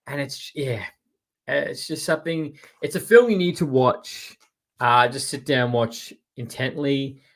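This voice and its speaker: A man's voice: mid-range voice, fairly bright tone. A man hosting a casual movie recap, talking in a chatty, rambling way with plenty of fillers. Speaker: movie news host. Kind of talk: casual spoken review.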